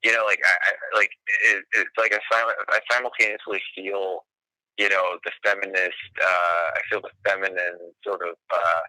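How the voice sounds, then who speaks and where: A man's voice: low-pitched, flat delivery, moderate pace, pushed and bright, no echo, low-quality recording. A man in a casual livestream chat, rambling and hesitant, always checking "right?" and "you know".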